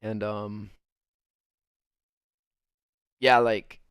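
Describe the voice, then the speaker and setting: A man's voice: on the low side, level tone, drawn-out words, a bit bright, smooth, no room sound, clean studio sound. A young man streamer telling a personal story in casual chat, rambling with lots of fillers and the odd swear. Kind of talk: casual storytime while gaming.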